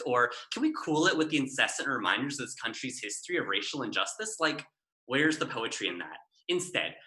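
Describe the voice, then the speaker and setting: A man's voice: medium pitch, bright, forceful tone. A man performing a spoken word poem at a poetry slam, delivering it with a sarcastic, mocking edge. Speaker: slam poet. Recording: echoey venue room.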